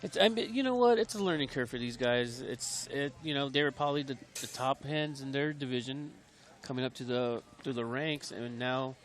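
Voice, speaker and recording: A young adult man doing color commentary on a paintball match, laid-back and joking with quick interjections. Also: mid-range voice. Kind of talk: live sports commentary. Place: outdoors at a paintball field.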